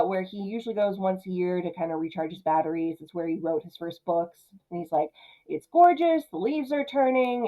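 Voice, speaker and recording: A young woman giving casual film commentary, chatty and quick to slip into character voices. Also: fairly low pitch, mellow, poor audio. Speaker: film reviewer.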